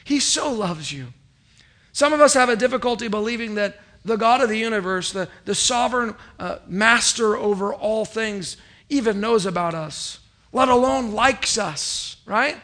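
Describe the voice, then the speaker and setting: A male pastor preaching a sermon, emphatic, moving between loud declarations and quiet asides and calling on the congregation to respond. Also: high-pitched, animated, normal speed.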